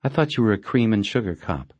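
A man's voice: on the low side, very animated, quick pace, darkish tone, husky, no echo, dull audio, voice pushed up. A man voicing a tightly controlled female federal agent who speaks in a cool, clipped, defensive way. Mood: guarded.

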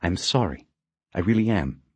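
A man's voice: sits low, lively intonation, normal speed, slightly rough, dry recording. A man voicing a tightly controlled female federal agent who speaks in a cool, clipped, defensive way. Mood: guarded.

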